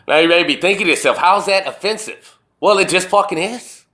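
A man ranting alone in a profane, animated way, firing off rhetorical questions as a show host. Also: sits high, a little fast. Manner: burping. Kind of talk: profane solo rant.

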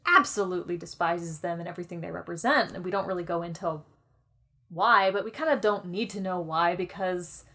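A woman co-hosting a podcast in casual chat, enthusiastic and quick to restart her sentences. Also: on the low side, sharp tone. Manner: enthusiastic, frequent restarts and stammered repeats. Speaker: podcast co-host.

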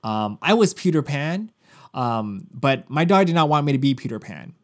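A man in his thirties with a medium-pitched voice talks at normal speed. As a podcast co-host, he tells a story in casual chat, animated and swearing often, acting out other people's lines.

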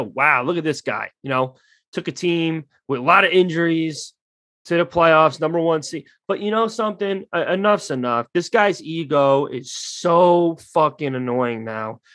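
A man's voice: fairly high pitch, fairly bright tone, dry recording. A man ranting bluntly in casual sports talk, swearing freely and getting heated. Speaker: podcast co-host.

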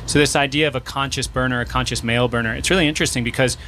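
A man's voice: medium pitch, fairly even intonation, rapid-fire, pushed and bright, a little hiss or hum. A man from New Mexico speaking on a panel, thoughtful and playful, sometimes acting out voices. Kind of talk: casual panel talk.

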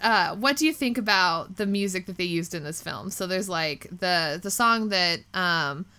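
A woman co-hosting a casual chat, animated and acting out lines from scenes she retells. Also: on the low side, moderate pace, smooth. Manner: animated, acts out quotes from scenes.

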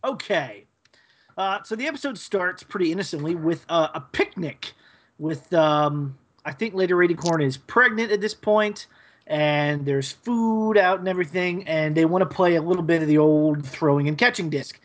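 A man's voice: a little high, normal speed. Rambling man recapping an episode. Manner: rambling, hesitant, lots of fillers. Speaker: podcast co-host.

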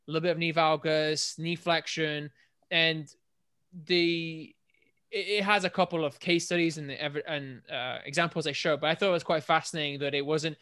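A man's voice: a little high, fairly bright tone, clear, resonant tone. A young man from England, co-hosting a casual podcast and explaining a sports injury study in a chatty way, often restarting his sentences. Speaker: podcast co-host.

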